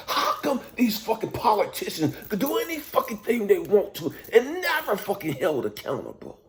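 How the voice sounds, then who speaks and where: A man delivers an emotional, intense monologue as a life coach, heavily profane, lurching from loud outbursts to near whispers. His high-pitched voice swings hugely in pitch at a normal speed with few pauses.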